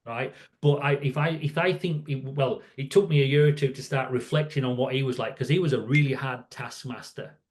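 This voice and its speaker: A man's voice: mid-range voice, brisk, few pauses, a little mellow. A man in his sixties, a podcast guest, telling work stories in a rambling, casual way and often checking in with "right?". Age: 60s. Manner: rambling, restarts, frequent "right?" tags. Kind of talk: casual storytelling conversation.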